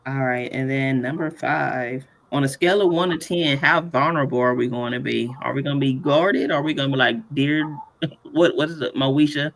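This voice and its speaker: A man with a gravelly, creaky edge to his mid-range voice runs a relaxed live class. He jokes and laughs easily while talking his viewers through each step. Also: medium pitch. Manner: playful, laughs often, chatty asides. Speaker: workshop host. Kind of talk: casual live tutorial.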